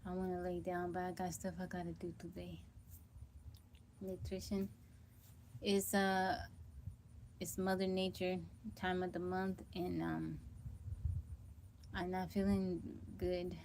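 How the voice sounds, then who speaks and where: A woman's voice: fairly low pitch, completely flat delivery, takes it slowly, long pauses, a little mellow, a little hiss or hum. A middle-aged woman hosting a casual livestream, chatting to viewers by name while sounding tired and weak, on a phone mic at home. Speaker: livestream host.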